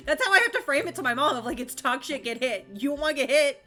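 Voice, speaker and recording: A woman's voice: sits high, animated, quick pace, hardly any pauses, bright, forceful tone, faint music behind. A young woman from Florida chatting casually while streaming a game, rambling, laughing often and swearing freely.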